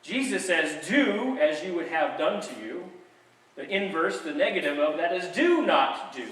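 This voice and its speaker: A man's voice: fairly high pitch, moderate pace, a bit bright. A man preaching a sermon as pastor, conversational and dotted with wry jokes. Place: church sanctuary. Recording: echoey sanctuary, mic at a distance.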